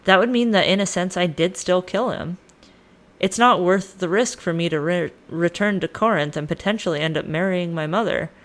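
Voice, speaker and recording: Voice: mid-range voice, normal speed, fairly bright tone, lightly acted. A storyteller voicing a crude, panicky young king who swears and talks in modern slang. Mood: worried. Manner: slangy, profane, exasperated.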